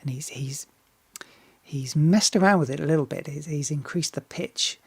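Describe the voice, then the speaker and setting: Halting, enthusiastic woman reacting to music. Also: sits low, husky, no room sound. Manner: halting, repeats words, swears freely, enthusiastic. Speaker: singer reacting to a music video. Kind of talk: casual reaction commentary.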